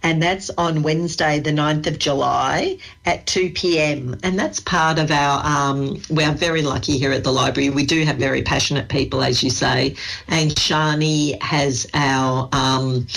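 A woman's voice: deep voice, steady tone, a little slow, creaky, a bit bright. An Australian woman who works at a library, chatting with enthusiasm in a radio interview and laughing easily. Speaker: library staff guest.

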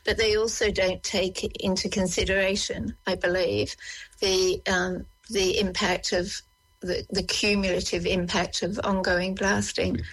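A middle-aged Australian woman, a local resident giving an earnest, halting radio interview full of restarts. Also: medium pitch, level tone, fairly bright tone, breathy edge, low-quality recording.

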